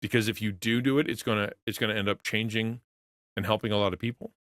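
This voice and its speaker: Earnest rambling man, low and dry. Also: steady tone, fast, fairly bright tone, no echo. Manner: earnest, rambling, many restarts and repeated words. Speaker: streamer and pastor to creators. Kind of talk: casual livestream talk with chat.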